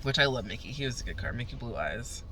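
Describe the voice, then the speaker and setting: Sharp-voiced young woman ranting. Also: a bass voice, lively intonation, fast talker, a little hiss or hum. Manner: profane, fired-up storytelling rant. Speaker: vlogger. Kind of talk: ranting casual vlog.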